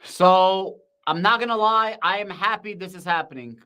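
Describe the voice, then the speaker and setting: A man hosting a live stream, shouting with excitement in casual slang and answering viewers' comments. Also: sits high, normal speed, hardly any pauses, smooth. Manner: shouting, hyped, slangy, reads chat aloud.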